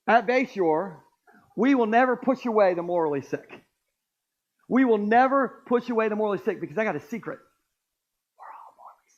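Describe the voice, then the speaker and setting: Pastor, male, high voice, playful crowd-working preacher in a church, lo-fi sound. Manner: joking, playful, crowd-engaging. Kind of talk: sermon. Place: church auditorium.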